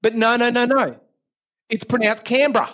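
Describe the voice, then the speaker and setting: A high-pitched man with a broad Australian accent trades jokes on a podcast, teasing his hosts and sprinkling in local slang. He talks loosely and playfully. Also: moderate pace, a bit bright. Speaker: podcast guest. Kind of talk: casual chat.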